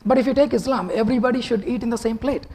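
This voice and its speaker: A man with a husky voice, giving a slow, conversational stage talk with some halting restarts. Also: very high voice, darkish tone, low-quality recording. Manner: unhurried, conversational, slightly halting. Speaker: TEDx speaker. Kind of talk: public talk.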